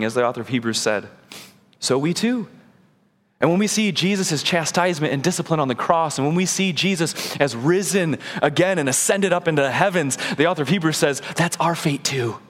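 A man preaching a sermon as pastor, earnest, moving between urgent emphasis and quiet, soft passages. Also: lively intonation, brisk. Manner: earnest, swings between high urgent and low soft delivery. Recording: long hall reverb.

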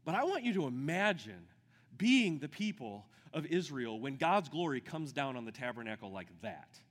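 A man preaching a sermon with great enthusiasm, dropping to a hush and then building to shouts. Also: mid-range voice, sing-song, normal speed, long reverb tail. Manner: enthusiastic, swings from hushed to shouting. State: out of breath. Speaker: pastor.

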